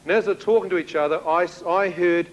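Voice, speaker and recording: A man giving a spoken testimony to an audience, telling his story in an animated way and acting out the dialogue. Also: high-pitched, a little fast, lo-fi sound. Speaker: speaker giving a personal testimony.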